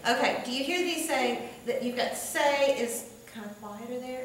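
A woman's voice: high voice, lively intonation, normal speed. A woman teacher lecturing a class, often checking in with "okay?". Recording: echoey classroom from far off, noisy.

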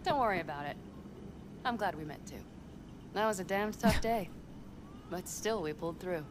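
An actress voicing a tough, guarded young nomad woman in a video game, speaking in a low, dry, matter-of-fact way. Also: expressive, normal speed, close to an everyday voice. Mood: warm. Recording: game audio under noise.

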